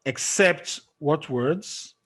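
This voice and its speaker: A man teaching a classroom lesson, explaining slowly and quizzing his students as he goes. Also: fairly high pitch, fairly bright tone, slight background noise. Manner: slow, drawn-out explaining with questions to students. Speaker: English teacher.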